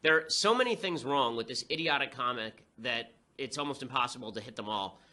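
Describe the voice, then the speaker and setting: Rapid-fire sarcastic male commentator. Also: medium pitch, animated, pushed and bright. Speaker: political commentator. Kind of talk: fast political commentary monologue.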